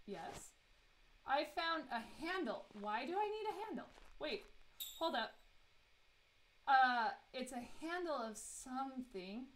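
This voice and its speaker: A woman streams a horror game as live let's play commentary, chatting and giggling to herself and her chat. Her voice sits a little high, with a slight hiss or hum.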